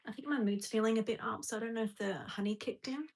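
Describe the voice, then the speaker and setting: A woman's voice: a little high, breathy edge, rough recording. A young woman chatting casually with viewers on a live stream, giggly and rambling, often breaking off and restarting her sentences. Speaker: livestream host. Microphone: phone or webcam on a live stream.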